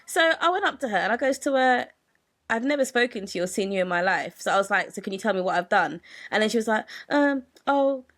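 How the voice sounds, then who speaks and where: A young woman, co-hosting a podcast and telling a story in a casual, animated way, acting out the people in it. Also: medium pitch, fast talker. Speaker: podcast co-host.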